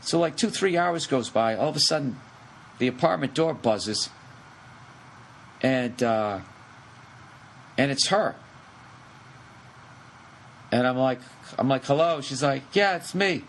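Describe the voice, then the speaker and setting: A man's voice: medium pitch, slow pace, creaky, pauses often, slight background noise. A man with a Boston accent telling a long comic story on a podcast, swearing freely and acting out the people in it. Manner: profane, animated, acts out the people in his story. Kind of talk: casual storytelling.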